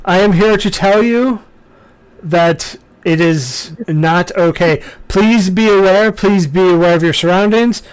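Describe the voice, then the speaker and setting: A man's voice: high-pitched, measured pace, clear, resonant tone, poor audio. A man voicing a stern male townsman who warns a crowd with urgent accusations. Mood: warning. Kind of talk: in-character role-play.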